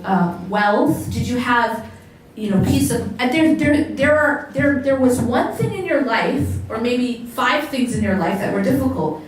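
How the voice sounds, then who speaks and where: A fairly high-voiced woman delivering a religious talk to a live audience, drawing listeners in with questions as she goes. Her voice carries from a distance through a very echoey hall, with faint background noise. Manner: engaging, asks the audience questions. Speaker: Islamic lecturer.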